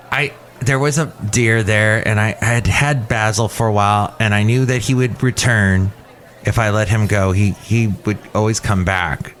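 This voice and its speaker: A man's voice: medium pitch, a little hiss or hum. Rambling male podcast host. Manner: rambling storyteller, playful. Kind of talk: casual chat. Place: cafe.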